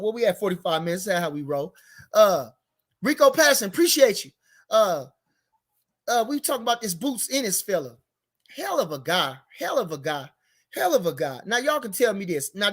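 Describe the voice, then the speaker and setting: A man's voice: sits high, fairly bright tone. Rambling heated man talking boxing. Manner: rambling, repeats himself, gets heated and emphatic. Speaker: boxing commentary show host. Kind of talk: casual unscripted boxing talk.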